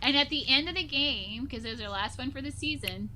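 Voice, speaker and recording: Bright-voiced woman in her forties. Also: high voice, fairly quick, soft background music. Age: 40s. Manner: animated storyteller, many fillers like "like" and "you know". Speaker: guest, social emotional learning teacher. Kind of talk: casual conversation.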